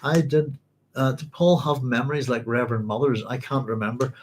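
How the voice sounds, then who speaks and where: A man's voice: medium pitch, steady tone, fairly quick, a little hiss or hum. A man hosts a live-streamed book club with a mid-range voice. He reads passages aloud, then drifts into loose, thinking-aloud commentary and replies to viewers' comments. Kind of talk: live-streamed reading and discussion.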